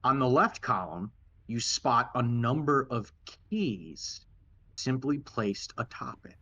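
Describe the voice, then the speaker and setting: A man running a tabletop game as dungeon master, speaking at an everyday pitch. He narrates in a relaxed, halting way, often restarting a phrase. The sound is dull and lo-fi.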